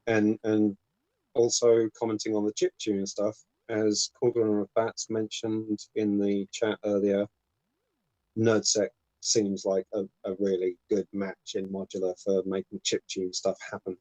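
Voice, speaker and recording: A man hosts an online call in a somewhat low voice with a dry, close sound. He talks in a relaxed, thoughtful way and hesitates now and then while he works through an idea. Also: measured pace, no echo, poor audio. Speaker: host of a modular synth stream. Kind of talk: casual technical chat.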